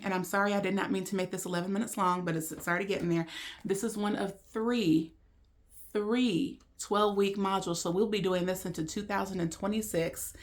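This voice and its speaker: Chatty woman teaching discipleship. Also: mid-range voice. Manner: conversational, full of rhetorical questions; frequent ums and restarts. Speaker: ministry leader presenting a discipleship course. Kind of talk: casual teaching to camera.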